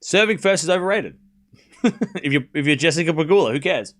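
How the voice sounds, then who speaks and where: A man hosting a live tennis watchalong, giving informal play-by-play that rises to excited shouts on big points. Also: fairly high pitch, a little fast. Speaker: host calling a live watchalong stream.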